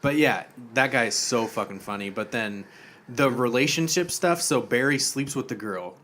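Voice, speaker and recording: A man co-hosting a podcast in casual chat, recapping a show with profanity and animated storytelling. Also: mid-range voice, normal speed. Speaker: podcast co-host.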